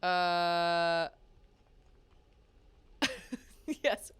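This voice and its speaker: A woman's voice: medium pitch, extremely slow, pauses often, smooth. A young adult woman streaming a video game, reacting with exclamations, groans and laughter. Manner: excitable, groaning and laughing at setbacks. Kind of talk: live gameplay commentary.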